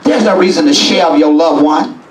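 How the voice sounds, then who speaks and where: A man preaching a sermon as bishop in a church, folksy and call-and-response, rising now and then into shouts. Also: fairly high pitch, normal speed, a crowd in the background. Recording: echoey church from a distance.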